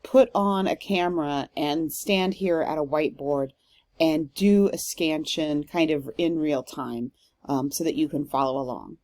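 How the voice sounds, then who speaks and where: A woman's voice: sits low, unhurried, a little mellow, no echo. A woman professor giving a recorded literature lecture, explaining step by step with frequent "um" fillers.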